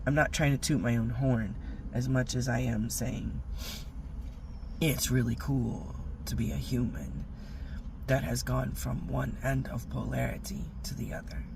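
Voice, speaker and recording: A middle-aged woman telling a rambling personal story in a casual vlog, animated and full of fillers. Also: very deep voice, unhurried, gravelly, background noise. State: teary-eyed. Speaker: vlogger.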